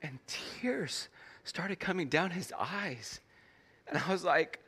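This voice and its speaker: A man preaching as pastor, telling a story animatedly and acting out the dialogue, pausing for an interpreter. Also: a little high, big pitch swings, pushed and bright, husky. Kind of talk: sermon with live interpretation.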